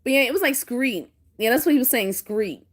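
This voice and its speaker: A woman vlogger chats through a story in a high, lively voice that swings up and down. She talks in an animated way and laughs often as she goes. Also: brisk. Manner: animated, laughs often while telling stories. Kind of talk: casual storytelling chat.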